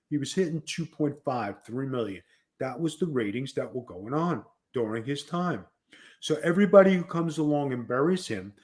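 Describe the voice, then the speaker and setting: A man with a New York accent hosting a wrestling podcast, telling stories and acting out the people he quotes. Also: medium pitch. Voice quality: animated storyteller who acts out quoted dialogue. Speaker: podcast host and former wrestler. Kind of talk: casual storytelling chat.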